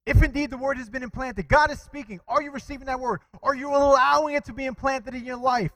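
A man preaching a sermon with animated delivery, calling out to his congregation for responses and quoting scripture. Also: extremely high pitch, a little fast, dry recording, poor audio. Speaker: pastor.

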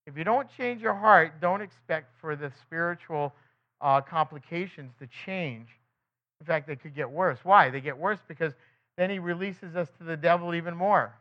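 Speaking casually and conversationally, a Bible teacher with a high voice works through a sermon full of rhetorical questions for his listeners. He jumps into short acted voices for the people in his stories, and the recording is dull and lo-fi.

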